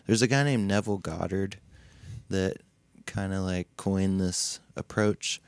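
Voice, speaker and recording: Animated man telling a story, deep voice. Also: unhurried, vocal fry, clean tone, dry recording. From Nashville music scene. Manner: animated, acts out voices and laughs often; swears freely. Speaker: podcast guest. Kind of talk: casual storytelling.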